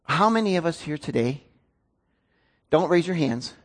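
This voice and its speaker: A man's voice: on the high side, lively intonation, normal speed. A man, a pastor preaching a sermon in an earnest, storytelling way. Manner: earnest, storytelling with rising emotion.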